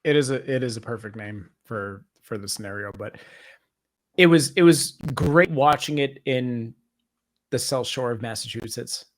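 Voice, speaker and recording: A man hosting a casual movie review podcast, his voice sitting at an ordinary middle pitch. He tells stories with energy, swears freely and slips into mimicry of other people. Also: normal speed. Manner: animated, profane storytelling with mimicry. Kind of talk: casual chat.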